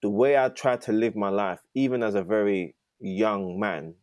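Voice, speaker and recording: Earnest young man, low warm voice. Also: steady tone, moderate pace, no echo. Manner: earnest, with many fillers. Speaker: podcast guest. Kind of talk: reflective conversation.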